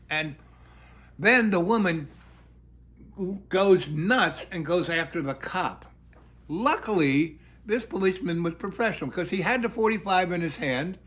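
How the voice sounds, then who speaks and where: Rambling man telling a story. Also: fairly high pitch. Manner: animated, full of fillers and restarts.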